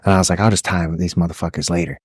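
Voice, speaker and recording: A young man, a podcast co-host, chatting casually, rambling through stories with frequent laughs and swearing, and mimicking yelling drill instructors. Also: deep voice, fairly even intonation, very fast, slightly rough, dry recording, studio quality. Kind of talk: casual chat.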